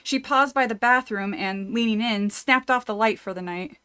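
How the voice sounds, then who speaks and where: A woman's voice: fairly high pitch, moderate pace, bright, forceful tone, smooth. Chatty woman reading horror aloud. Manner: laughs often, wanders into tangents, swears casually. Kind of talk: casual read-through with chat.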